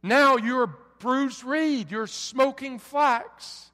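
A middle-aged male pastor preaching a sermon, swinging from soft pleading lows to loud forceful peaks. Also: drawn-out words. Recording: long reverb of a large hall.

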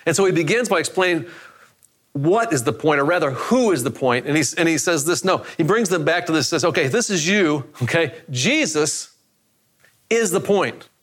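A man's voice: on the high side, expressive, moderate pace, fairly bright tone. A man preaching a sermon in a conversational way, often repeating phrases for emphasis. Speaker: pastor.

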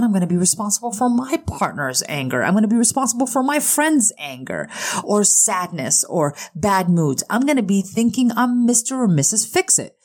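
A woman in her thirties hosting a parenting talk, earnest and emphatic, with lively swings between high and low. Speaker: parenting podcast host. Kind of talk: casual educational talk.

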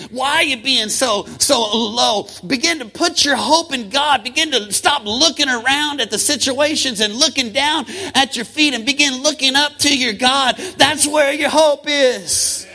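A male pastor preaching a sermon, rhythmic and impassioned, with fast runs, slow drawn-out emphasis and calls to the congregation. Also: very high-pitched, expressive, bright, forceful tone, breathy edge, rough recording. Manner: swings from quick talk to slow, drawn-out emphasis.

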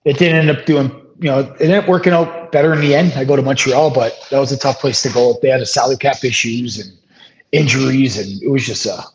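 A middle-aged man, a former hockey player, telling stories as an interview guest, relaxed and rambling with many fillers and restarts. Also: medium pitch, quick pace. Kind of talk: casual storytelling interview. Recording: dull lo-fi audio.

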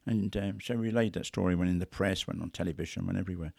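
Man, low gravelly voice, animated storyteller, dry close sound. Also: very fast, dry recording. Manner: animated, acts out quotes and sounds. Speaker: big cat investigator. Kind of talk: conversational storytelling.

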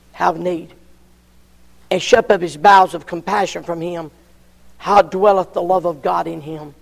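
A man preaching a folksy, emphatic sermon as pastor, his delivery swinging from loud cries to hushed tones. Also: sits high, gravelly, in a large hall.

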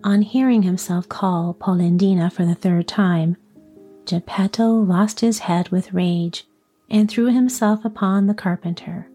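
A woman reads a classic children's tale aloud at an unhurried pace. Her voice is warm and dark with a soft, breathy edge, and the narration stays calm and measured. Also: medium pitch, faint music behind. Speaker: storyteller. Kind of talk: bedtime storybook reading.

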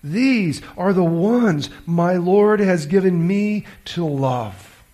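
A man doing a gentle old nun, soft-spoken. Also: high voice, animated, takes it slowly, voice pushed up. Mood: gentle joy. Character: elderly nun, gentle and joyful.

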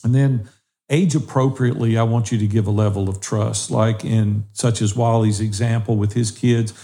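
Gravelly, dark-voiced man encouraging listeners. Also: fairly low pitch, fairly even intonation, normal speed. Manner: earnest, exhorting listeners directly. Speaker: podcast co-host. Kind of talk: encouraging podcast talk.

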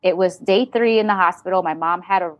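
A woman's voice: fairly low pitch, a little fast, dry recording. A woman talking as an interview guest, telling a personal story candidly and bluntly, with swearing and re-enacted dialogue.

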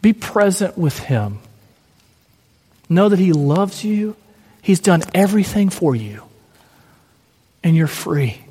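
Gentle preacher in a reverberant hall. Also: male voice, high-pitched, very animated, slow, long pauses, breathy edge. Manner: gentle, encouraging, repetitive lists. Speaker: pastor. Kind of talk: sermon with closing prayer.

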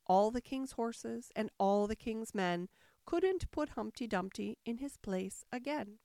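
A woman voicing a polite, gentle and curious young girl in a storybook reading, speaking with mild doubt. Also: on the high side, lively intonation, unhurried, gravelly, no room sound, clean studio sound.

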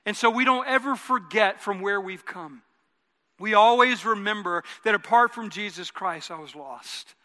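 A man's voice: high-pitched, moderate pace, pushed and bright. A man preaching a sermon as pastor to his congregation. He talks in a conversational way, repeats and restarts phrases as he builds a point, and leads the people in saying lines back. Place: church sanctuary. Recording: long hall reverb.

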